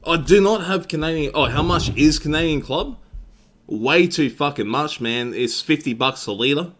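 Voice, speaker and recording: A man's voice: a little high, normal speed, fairly bright tone. A young Australian man hosting a game tournament live-stream, chatting casually with his viewers and swearing freely.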